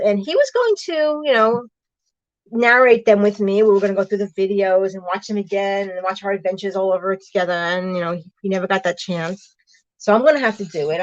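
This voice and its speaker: A bubbly middle-aged woman chats on a live stream from a tiny room, greeting viewers and laughing often. The audio is dry and a bit dull, with no room echo, and her pitch sits in a middling range. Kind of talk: casual live-stream chat. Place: small room in her truck.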